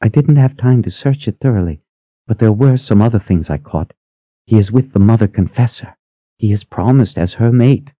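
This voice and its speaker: A frightened young sister speaks in a high, strained, breathless voice, rushing to prove her loyalty. She is voiced by a man reading a storybook. The recording is dry and a little muffled. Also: dry recording, close to an everyday voice. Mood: reporting. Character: frightened young woman, nervous, eager to please.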